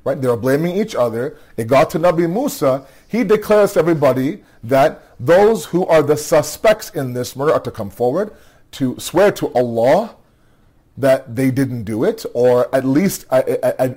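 Tired man, mid-pitch voice, preaching a story in a chatty way, restarts phrases a lot. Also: lively intonation, moderate pace, darkish tone. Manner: conversational storytelling, frequent "okay?" check-ins and repeated restarts. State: tired, yawning. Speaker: religious speaker. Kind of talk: nightly religious storytelling talk.

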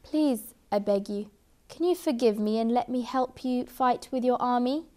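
A woman's voice: fairly high pitch, normal speed, a little mellow, natural voice. A woman reading a repentant man. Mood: pleading. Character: repentant grown man pleading forgiveness.

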